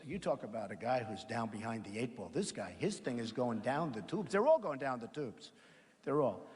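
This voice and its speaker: A man addresses a crowd at a campaign rally. His voice sits a touch high and swings up and down in lively bursts as he rambles and boasts, repeating his points. The sound carries the long echo of a large hall. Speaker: political candidate. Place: large hall at a college event. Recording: echoey reverb of a large hall.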